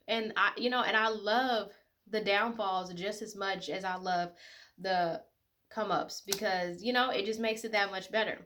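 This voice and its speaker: A woman's voice: mid-range voice, fairly even intonation, normal speed, a bit bright. A woman in her twenties talking casually and heartfelt to her viewers, emotional and full of fillers. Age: 20s. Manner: emotional, tearful at times, many fillers. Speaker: vlogger. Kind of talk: casual personal talk to camera.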